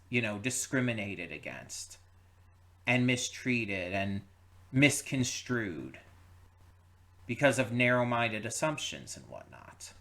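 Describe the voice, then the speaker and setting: A man's voice: mid-range voice, fairly bright tone. A man hosting a movie reaction channel, talking in an earnest, rambling way with many fillers and restarts. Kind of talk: casual spoken reflection.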